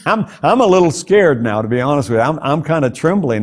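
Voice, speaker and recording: A man's voice: a little high, very animated, a little fast, few pauses. Earnest older man telling a testimony. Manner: earnest storytelling, stumbles and repeats words. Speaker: guest preacher. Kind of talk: testimony in a talk show interview.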